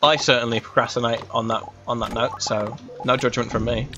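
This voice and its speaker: A young gaming streamer from England chats casually during gameplay in a West Midlands accent, rambling with plenty of fillers and restarts. His mid-range voice is brisk and flat in delivery.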